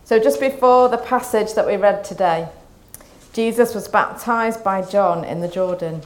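A woman preaching a Lent sermon, reading scripture and reflecting in a calm, measured way. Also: medium pitch.

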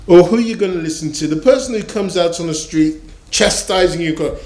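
A man's voice: high voice, brisk, few pauses, a little mellow. A man preaching a sermon in a storytelling manner, repeating key phrases for emphasis. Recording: echoey room.

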